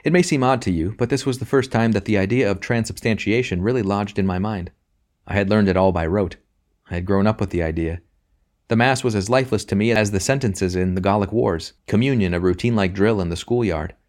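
A man reading a short story aloud in a measured, reflective way. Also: fairly low pitch, a little mellow. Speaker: narrator. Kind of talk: audiobook reading.

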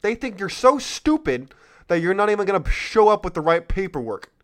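A man's voice: sits high, big pitch swings, a little fast. A man hosting a political commentary podcast, talking in a heated, sarcastic rant. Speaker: podcast host.

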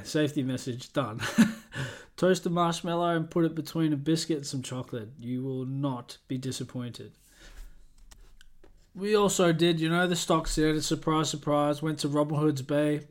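A young Australian man hosting his own podcast, chatting casually in an upbeat, rambling way that often corrects itself. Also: on the high side. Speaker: podcast host. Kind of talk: casual solo podcast chat.

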